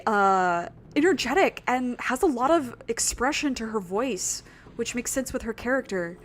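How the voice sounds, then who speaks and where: A woman's voice: on the high side, lively intonation, a little slow. A woman streaming a video game and chatting casually with viewers, rambling and self-deprecating, with lots of fillers. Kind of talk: casual gaming stream chat.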